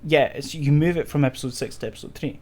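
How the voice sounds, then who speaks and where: A man's voice: on the high side, fast, a little mellow. A man with a Scottish accent, co-hosting a podcast and explaining at length in casual chat, laughing often. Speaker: podcast co-host.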